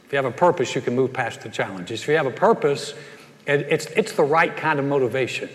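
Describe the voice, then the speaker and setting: A man preaching a sermon as a pastor, telling folksy stories and pushing his punchlines with animated energy. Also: mid-range voice, quick pace. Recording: long hall reverb.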